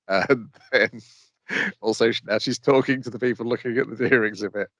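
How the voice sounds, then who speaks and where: A man's voice: lowish voice, steady tone, moderate pace, a bit bright, dry recording. Laid-back man summarizing an anime plot. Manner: laid-back, plot-summarizing, chuckles through his lines. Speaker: podcast co-host. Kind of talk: casual chat recapping an anime.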